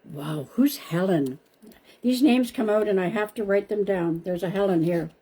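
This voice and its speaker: A woman's voice: mid-range voice, moderate pace, warm tone, a little hiss or hum. A woman hosting a live stream as a psychic medium, chatting casually and calling viewers by name, often repeating herself. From Canada.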